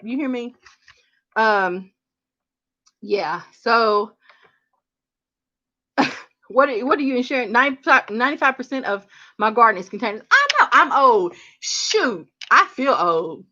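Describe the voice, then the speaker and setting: A woman chats animatedly with her viewers on a gardening livestream, calling them honey and y'all. Her voice is bright and a little sharp, pitched somewhat high for a woman. The stream audio sounds slightly dull and lo-fi. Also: animated, unhurried, long pauses. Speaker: gardening channel host. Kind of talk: casual livestream chat with viewers.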